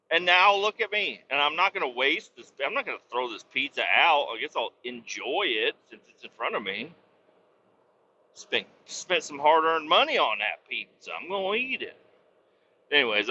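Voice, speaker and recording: A man's voice: medium pitch, bright, forceful tone, slight background noise. A man driving a truck and hosting a podcast, telling a profane, self-mocking story in a casual rambling way, a little wheezy. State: slightly wheezy. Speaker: truck driver and podcast host. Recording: slightly dull lo-fi sound.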